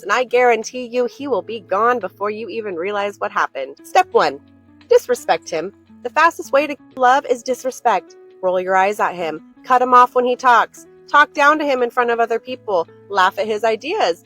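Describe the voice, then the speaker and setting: A woman's voice: fairly high pitch, lively intonation, moderate pace, fairly bright tone, soft background music. Woman giving pointed step-by-step advice. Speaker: relationship advice creator. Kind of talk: scripted advice monologue.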